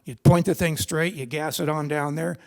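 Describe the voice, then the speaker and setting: A man's voice: fairly high pitch, steady tone, moderate pace, gravelly. An older man speaking at a seminar, telling personal racing stories in a rambling, conversational way with many restarts. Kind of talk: personal storytelling talk. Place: seminar hall.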